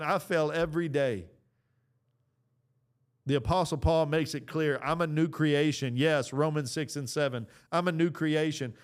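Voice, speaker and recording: Middle-aged male podcast host, earnest preacher delivery with casual asides, smooth clear voice. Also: on the high side. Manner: earnest, exhorting, with casual fillers. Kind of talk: preaching-style talk.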